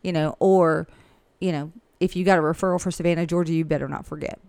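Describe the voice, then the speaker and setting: A woman's voice: low-pitched, steady tone, quick pace, a little mellow. A woman who works as a real estate agent and coach, talking frankly and chattily in a casual interview. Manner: chatty and frank, with laughs and asides.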